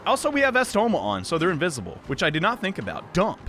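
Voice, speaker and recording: A man's voice: high voice, wildly swooping pitch, quick pace, sharp tone, slight background noise. Wry, chatty let's play guy. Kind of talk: casual gameplay commentary.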